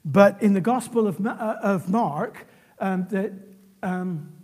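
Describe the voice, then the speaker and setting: A man preaching a sermon, animated and often restarting his sentences. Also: sits high, slow.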